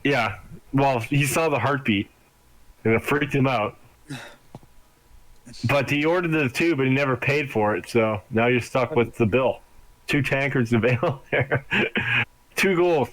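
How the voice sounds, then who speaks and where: A man narrating as game master in a tabletop game. He talks casually and quickly, swearing freely. His pitch is average for a man. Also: fairly bright tone, low-quality recording.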